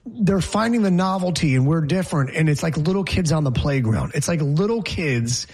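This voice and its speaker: Brash, husky-voiced male sports host. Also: fairly high pitch, animated, moderate pace, a little mellow. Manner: brash, rambling, joking. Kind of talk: casual sports talk.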